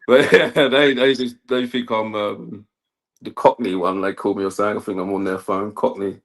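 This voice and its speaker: A man's voice: lowish voice, fairly even intonation, moderate pace. A man, an electrician chatting casually on a livestream, laughing often and asking "do you know what I mean". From Kent, England. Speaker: guest electrician.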